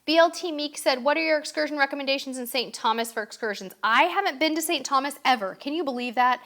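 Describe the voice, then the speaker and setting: Casting note: upbeat woman, thirties, live-stream host, voice sitting a little high. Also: fast, a bit bright. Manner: chatty, upbeat, reads comments aloud. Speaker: host answering viewer questions. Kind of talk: casual live-stream chat.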